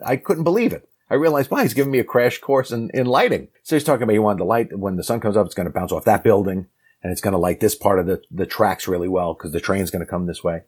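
A man telling a lively anecdote from his acting career as a guest, acting out the people he quotes. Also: on the low side, fast, breathy edge. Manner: animated storyteller acting out quoted lines. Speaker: actor telling a story as guest. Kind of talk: casual anecdote.

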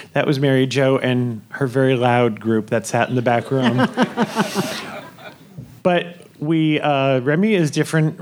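A man hosting a live podcast from a cruise ship theater, speaking at an everyday middle pitch. He tells stories in a chatty way and often breaks into laughter while the audience listens. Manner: chatty, laughing, enthusiastic food storytelling. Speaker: podcast host.

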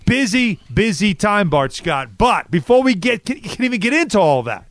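A man hosting a sports radio show in casual, animated banter, with a New York accent. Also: high voice, dry recording. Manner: animated, quick banter with co-hosts. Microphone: studio microphone.

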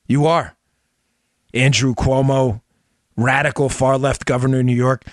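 A man hosting a political podcast, talking in an emphatic, animated commentary style and laughing often. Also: mid-range voice, moderate pace, long pauses, no room sound, clean studio sound. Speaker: podcast host.

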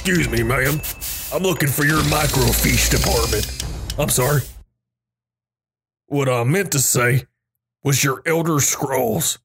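A man doing deadpan, absurd in-character commentary while playing a game. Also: medium pitch, a little slow, pauses often. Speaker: game video creator. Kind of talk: comedic role-play game commentary. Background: music.

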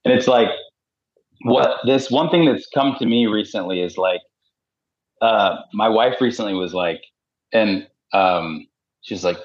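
A man's voice: lowish voice, normal speed. A man in his thirties from Utah, a hunter and podcast guest, chatting casually with lots of "like" and acted-out quotes. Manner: rambling and animated, heavy filler "like", acts out quoted voices. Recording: slightly dull lo-fi podcast audio.

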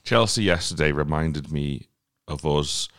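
Man, football podcast host, extremely deep voice, gravelly fry, casual chat. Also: unhurried. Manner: relaxed, hands over topics to co-hosts.

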